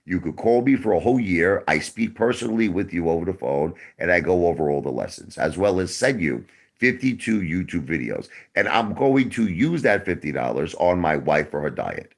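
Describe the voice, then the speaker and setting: Defensive deep-voiced man in his forties. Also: lively intonation, moderate pace, vocal fry. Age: 40s. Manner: defensive, repetitive, keeps addressing chatters as brother. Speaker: livestreamer answering chat. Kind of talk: casual livestream chat.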